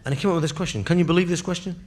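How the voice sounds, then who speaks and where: A man's voice: a little high, rapid-fire. Man, stand-up storytelling, punchy and conversational, faint background hiss. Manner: conversational, punchy, keeps checking in with "right?". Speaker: stand-up comedian. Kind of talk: live comic storytelling.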